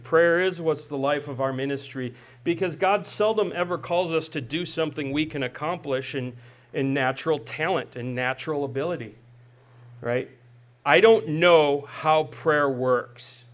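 A man's voice: on the high side, unhurried, a bit bright. A man in his forties preaching a sermon in a conversational way, asking rhetorical questions and often adding "right?". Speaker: pastor.

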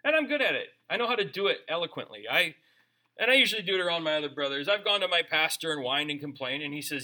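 A pastor preaching an animated, conversational sermon with touches of humor. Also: male voice, on the high side, fast talker.

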